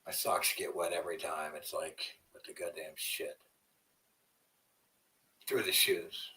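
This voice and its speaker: A man's voice: sits low, flat delivery, a little slow, sharp tone, distant mic, rough recording. A man hosting a livestream in a rambling, profane way, often trailing off into mumbles. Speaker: livestream host. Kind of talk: casual livestream rant.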